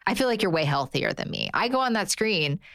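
A middle-aged woman, a therapist on a podcast, talking in an earnest, animated way and voicing her own inner thoughts. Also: mid-range voice, fairly quick. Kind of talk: casual chat.

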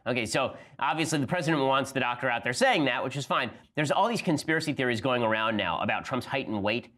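Rapid-fire sardonic male podcast host. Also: medium pitch, animated, bright, forceful tone. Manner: rapid-fire, sardonic, talks in quick bursts. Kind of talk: fast political commentary with a read ad.

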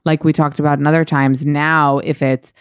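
A woman hosts a casual podcast chat, her voice low and resonant. She rambles candidly through fillers and restarts. The sound is close and dry, with no room around it. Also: level tone, moderate pace, smooth, no echo. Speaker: podcast host.

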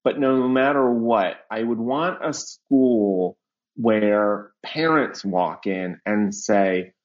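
A man's voice: lowish voice, slow. A man who is a guest educator in an interview, speaking thoughtfully and laughing easily. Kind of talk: casual interview chat. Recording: lo-fi dull sound.

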